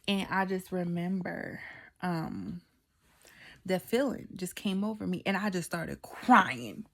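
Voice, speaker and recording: A woman with a fairly low voice tells a heartfelt personal faith story on her vlog. She talks in a chatty way, speaks straight to her viewers, and sometimes sinks into a whisper when the story gets tender. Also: takes it slowly. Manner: emotional, heartfelt storytelling, drops to a whisper at times; chatty, addresses viewers directly. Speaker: vlogger.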